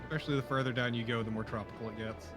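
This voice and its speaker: A man on a game stream, chatting casually with quick reactive quips. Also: mid-range voice, steady tone, fairly bright tone, faint music behind.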